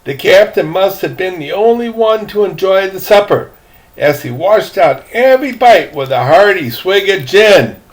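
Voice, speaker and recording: A man's voice: high-pitched, lively intonation, normal speed. An older man reading a novel aloud, folksy, stopping for chatty asides to the listener. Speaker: reader, storyteller.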